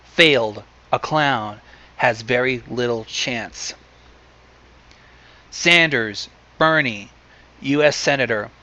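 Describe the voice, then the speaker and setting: A man reading a long list aloud in a plain deadpan way, adding dry asides now and then. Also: medium pitch, slow pace, pauses often. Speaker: reader.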